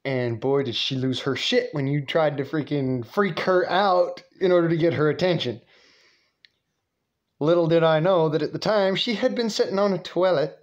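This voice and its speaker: A man's voice: a little high, moderate pace. Man, casual storytelling, rambling, cursing, laughing, dull lo-fi audio. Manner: rambling, profane, laughs often.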